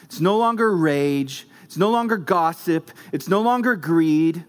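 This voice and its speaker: A man's voice: a little high, lively intonation, a little slow. A man preaching a sermon as pastor, emphatic, driving points home with short repeated phrases.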